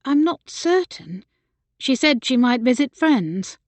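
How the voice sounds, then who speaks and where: A woman reader doing a caring, worried young sister. She speaks in a soft, coaxing tone. The voice is pitched a little high, in a dry, close recording. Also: very animated, takes it slowly, no echo, exaggerated voice. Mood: concerned. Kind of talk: audiobook character voice.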